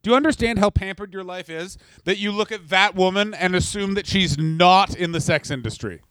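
A man co-hosting a comedy podcast, ranting in crude, sardonic banter. His voice sits fairly high, and it is recorded close and dry. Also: brisk, a bit bright, clean tone, no echo. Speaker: podcast co-host.

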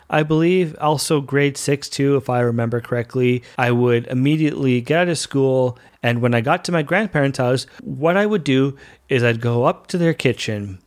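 A young man hosting a casual solo podcast, talking in a chatty, rambling way. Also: mid-range voice. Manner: chatty and rambling, with goofy put-on voices. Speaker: podcast host.

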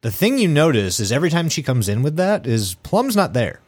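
A man's voice: on the high side, big pitch swings, fairly quick, slightly rough, no echo. Man, podcast co-host, laid-back, casual chat, dry room.

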